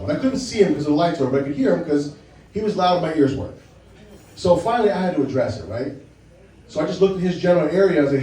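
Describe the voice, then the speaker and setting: A man with a high voice delivers stand-up in short, punchy beats, teasing and checking in with "right?". The sound is roomy and echoey, and the mic is a bit far from him. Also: dark tone. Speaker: stand-up comedian. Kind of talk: stand-up set.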